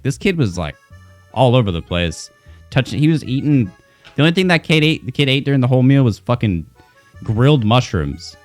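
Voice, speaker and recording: A young man recounts an anecdote in loose, rambling storyteller fashion, swearing freely and getting animated. His voice sits at an ordinary middle pitch. Faint music plays underneath. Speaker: streamer. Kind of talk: casual storytelling.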